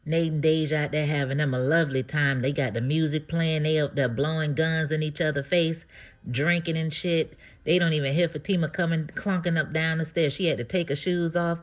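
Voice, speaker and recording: A woman with a notably low voice talks through a TV episode in a loose, casual recap. She is animated and slangy and laughs easily as she reacts. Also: fairly quick. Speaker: TV show recap host.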